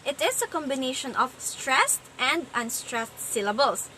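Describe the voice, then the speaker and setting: A woman giving a class presentation, explaining things slowly and sounding out rhythms. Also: high-pitched, sing-song, bright, forceful tone, a little hiss or hum, rough recording. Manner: slow, explanatory, sounds out stress patterns. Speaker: student presenter.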